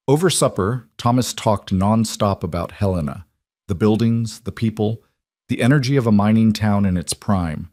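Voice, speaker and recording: Low-voiced man narrating a Western story. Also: moderate pace, darkish tone, no echo, clean studio sound.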